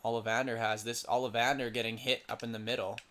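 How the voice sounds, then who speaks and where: A man's voice: medium pitch, level tone, fast, fairly bright tone, slight background noise. A young man doing casual solo play-by-play for a simulated lacrosse game, stumbling over player names and muttering asides to himself.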